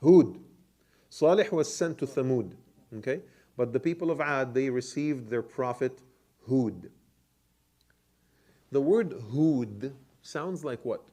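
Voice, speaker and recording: A man teaching Quran commentary in a classroom lecture. His voice sits at a medium pitch. He questions his listeners, repeats words, and restarts his sentences as he explains. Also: slow, long pauses, mellow.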